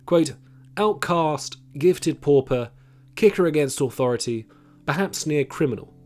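A man giving scripted documentary narration on history, measured and reading quotations aloud, with faint music behind him. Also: fairly high pitch, a little mellow.

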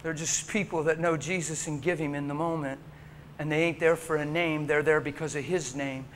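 A man's voice: a little high, fairly even intonation, moderate pace, a bit bright. A male preacher delivering an emotional, story-driven sermon in a church, acting out the people in his stories. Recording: long church reverb, faint background noise.

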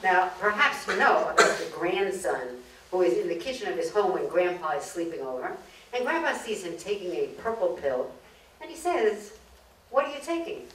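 A woman from Brooklyn telling jokes to an audience, her voice a bit low and caught from some distance. The room rings noticeably around her, with a faint hiss underneath. She chuckles between punchlines. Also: sing-song, normal speed. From Brooklyn, New York. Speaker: humorous speaker. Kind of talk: comic lecture telling jokes. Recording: roomy, distant mic, faint noise.

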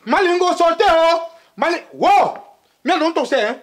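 An actor playing a loud, excitable male landlord who scolds his tenants in Cameroonian Pidgin. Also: extremely high pitch, full character voice. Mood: scolding. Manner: shouting, scolding, rapid Pidgin. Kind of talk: TV comedy drama acting.

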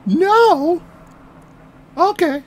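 A woman's voice: very high-pitched, animated, very slow, darkish tone. A woman hosting a reaction video, rambling casually with frequent laughter and restarts. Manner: giggly, rambling, stumbles over words.

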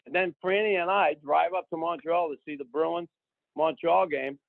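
A man, telling a story as a podcast guest in an animated way, acting out the people he quotes. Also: a little high, moderate pace, vocal fry, dry recording. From Boston. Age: 60s. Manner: animated, acts out quoted people, keeps adding "right?". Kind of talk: casual storytelling. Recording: dry, phone-like narrow sound.

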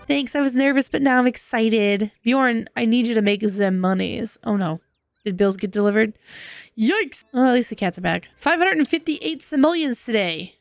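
A woman's voice: fairly high pitch, no room sound. A young adult woman giving playful, jokey, chatty commentary over her gameplay as host of her gaming channel, recorded on a close microphone. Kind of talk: casual game commentary.

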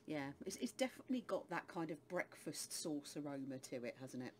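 A woman's voice: low voice, big pitch swings, brisk, slight background noise. A woman from England co-hosting a sauce review, agreeable and chatty, often ending on tag questions. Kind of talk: casual review chat.

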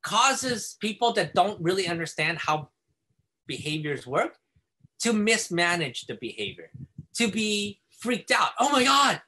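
A man teaching a casual behavior-therapy lesson with a bright, forceful voice. He explains in an animated, chatty way, often slipping into little acted-out scenes. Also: sits high, unhurried, slight background noise. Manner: animated, casual, acts out examples.

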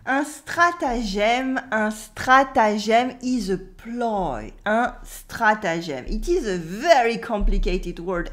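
French woman teaching with careful examples. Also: medium pitch. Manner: clear, explanatory, slowly repeats French examples. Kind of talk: video lesson.

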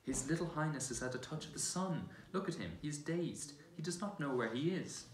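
A man's voice: fairly high pitch, animated, a little fast, reverberant, slight background noise, pitched above the performer's own voice, close to an everyday voice. Man doing a fussy faun courtier. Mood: anxious.

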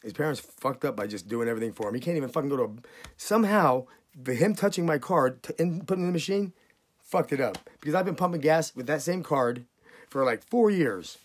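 A man's voice: a little high, expressive, fairly quick. A man ranting to camera about being wronged. He swears constantly and his voice keeps jumping up in outrage. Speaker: vlogger. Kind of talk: angry profane rant to camera.

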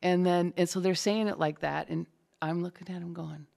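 A woman with a low, gravelly voice chats in a relaxed interview, telling stories about her work with lively energy. She talks quickly when excited and keeps a conversational flow. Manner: chatty, animated storyteller. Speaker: closed captioner, guest. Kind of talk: casual interview talk.

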